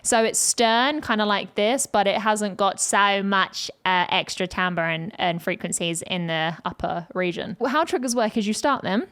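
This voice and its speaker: A woman's voice: mid-range voice, normal speed, few pauses, a bit bright, smooth. A woman vocal coach giving playful, chatty commentary in a reaction video, breaking into short sung demonstrations. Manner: playful, demonstrates vocal sounds mid-explanation.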